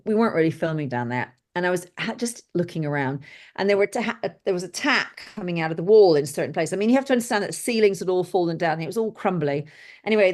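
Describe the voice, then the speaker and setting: Brief: middle-aged woman guest, lively and blunt storyteller, lowish voice. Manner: lively anecdotal, blunt and exclamatory. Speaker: guest, film set decorator. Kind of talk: casual interview storytelling.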